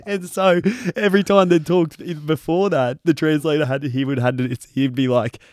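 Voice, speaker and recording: A man's voice: fairly high pitch, fairly even intonation, normal speed, a little mellow, dry recording, studio quality. A young Australian man, a podcast co-host, telling a rambling story in casual chat, swearing and laughing often.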